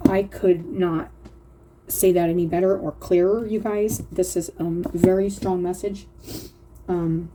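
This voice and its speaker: A woman's voice: fairly low pitch, fairly even intonation, noisy background. Earnest woman reading oracle cards. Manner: earnest, slow reading aloud, often addressing "you guys". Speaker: oracle card reader. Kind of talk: casual spiritual card reading.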